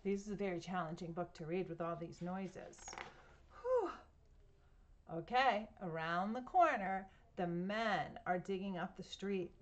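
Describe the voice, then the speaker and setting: A woman's voice: on the low side, normal speed, hardly any pauses. A woman reading a picture book aloud to children at home, playfully imitating sounds and asking her listeners questions. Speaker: storytime reader.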